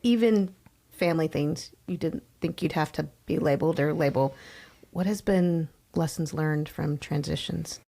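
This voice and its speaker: A woman hosting an interview who listens closely, adds quiet affirmations, and asks questions now and then. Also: low-pitched, moderate pace, vocal fry. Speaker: host. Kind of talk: conversational interview.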